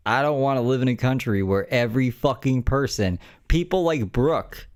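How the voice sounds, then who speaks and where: A man's voice: medium pitch, moderate pace, dry recording, clean studio sound. A man hosting a livestream, ranting bluntly with heavy profanity. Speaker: livestream host. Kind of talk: casual ranting commentary.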